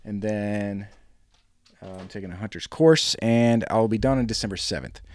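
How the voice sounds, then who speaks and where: A man's voice: fairly low pitch, normal speed. A man from New England hosting a solo podcast, chatting in a rambling way with lots of fillers. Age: adult, married ten years. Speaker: podcast host. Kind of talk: casual solo podcast chat.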